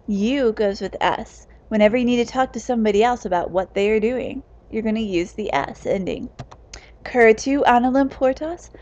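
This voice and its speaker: A woman teaching as a Latin teacher, talking slowly and stressing each word ending. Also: a little high, dark tone. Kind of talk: classroom explanation. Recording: dull lo-fi recording.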